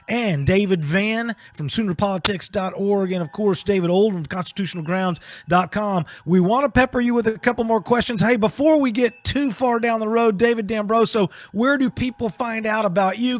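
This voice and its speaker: A man hosting a live political talk show, jokey and quick to interrupt. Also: high-pitched, no room sound. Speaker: host.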